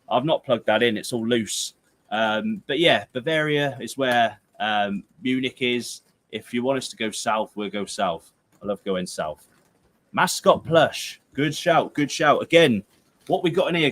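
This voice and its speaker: A rambling, jokey young man with a Herefordshire and Gloucestershire accent runs a casual football livestream from home. He reads viewer comments and sounds tired. His voice sits at an ordinary, middle pitch for a man. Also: expressive, moderate pace, a bit bright. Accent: Gloucestershire/Herefordshire English. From England. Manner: chatty, jokey, rambling, with playful outbursts.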